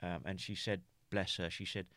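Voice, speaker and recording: A man from the United Kingdom, a podcast guest, recounting a personal story in a halting way, full of restarts and "you know" fillers. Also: sits low, level tone, sharp tone, no echo.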